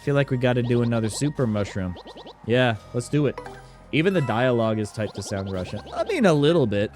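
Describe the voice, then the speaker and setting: A man streaming a game, giving chatty, jokey commentary full of fillers. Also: medium pitch. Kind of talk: casual let's-play commentary.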